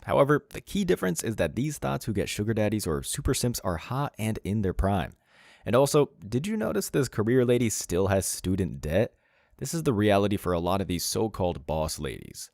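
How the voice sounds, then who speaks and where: A man's voice: lowish voice, gravelly, dry recording, studio quality. A man reading scripted commentary in a blunt, scornful tone.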